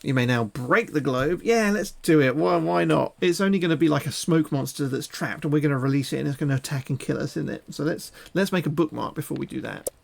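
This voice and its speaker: A man's voice: on the high side, fast talker, vocal fry, hardly any pauses. A man streaming, reading a gamebook aloud and making crude, joking asides.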